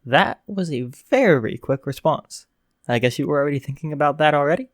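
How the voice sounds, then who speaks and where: A man voicing a loud, teasing male radio host and teacher in a read-aloud fan story, talking in a brash, upbeat way. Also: on the high side, expressive, a little fast, no room sound, clean studio sound, close to an everyday voice.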